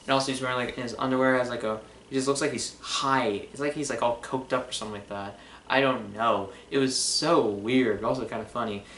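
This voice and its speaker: A man's voice: medium pitch, steady tone, fairly quick, a bit bright, a little hiss or hum. A man casually reviewing movie trailers, rambling with lots of fillers and restarts. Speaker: film reviewer. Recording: roomy echo.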